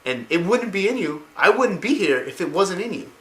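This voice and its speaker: A man voicing a dying young boy who keeps pleading in a strained, pushed-up high voice. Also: sing-song, moderate pace, a bit bright, echoey room, low-quality recording. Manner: earnest, pleading.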